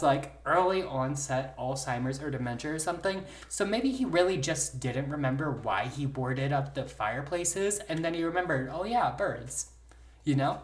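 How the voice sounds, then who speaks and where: A woman co-hosting a podcast in casual chat, blunt and quick with swearing asides. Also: deep voice, reverberant. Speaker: podcast co-host.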